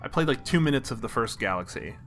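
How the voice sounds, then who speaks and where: Bright-voiced man with dry jokes. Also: medium pitch, expressive, fast talker, faint music behind. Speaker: podcast co-host. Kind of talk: casual chat.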